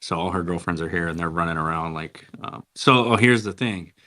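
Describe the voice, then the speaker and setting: A man's voice: deep voice, a little fast, pushed and bright. A man hosting a live audio chat, talking casually and swearing freely. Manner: laid-back, swears a lot, says bro. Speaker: host.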